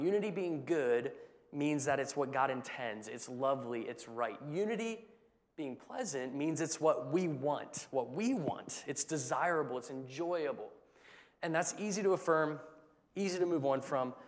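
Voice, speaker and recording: A man's voice: on the high side, big-room sound. A pastor delivering a Sunday sermon in a conversational style, often checking in with his listeners through rhetorical questions. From United States.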